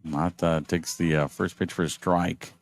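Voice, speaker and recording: Deep-voiced joking baseball commentator man. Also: level tone, unhurried. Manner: jokey, laughs easily. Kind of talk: casual play-by-play commentary.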